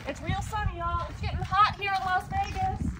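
Bubbly woman host for a home cooking vlog, high voice, chatty, talks right to the viewers. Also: steady tone, brisk, roomy sound, very noisy. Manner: chatty, bubbly, constantly addresses viewers as y'all. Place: home kitchen, then a sunny backyard chicken coop.

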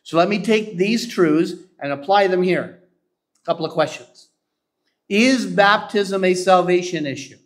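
Emphatic preacher, man, fairly high voice. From Canada. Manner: emphatic, asks the congregation to agree; slows down to quote scripture. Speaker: pastor. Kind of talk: sermon.

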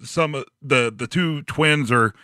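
A man's voice: medium pitch, slow pace, sharp tone, no room sound, studio quality. A man hosting a podcast interview, enthusiastic and casual, often restarting his sentences. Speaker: podcast host.

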